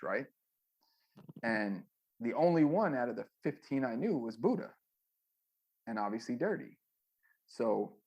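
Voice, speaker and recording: Gravelly man telling rambling stories. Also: fairly low pitch. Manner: rambling, animated anecdotes with many fillers. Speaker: guest, former music manager. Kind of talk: casual storytelling interview.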